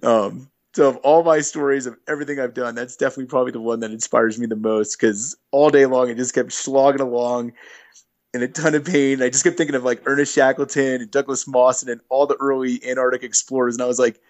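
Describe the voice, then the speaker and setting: A middle-aged man tells hiking stories in a loose, rambling manner with lots of fillers. His voice sits at an ordinary middle pitch and sounds like a casual podcast guest. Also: fairly even intonation, fast talker. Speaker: guest, thru-hiker. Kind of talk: casual storytelling interview.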